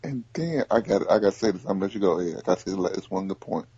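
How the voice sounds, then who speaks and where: A man hosting a casual sports podcast, talking in animated bursts and repeating himself as he makes his point. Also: deep voice, racing, breathy edge, no room sound, highs cut off. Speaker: podcast host.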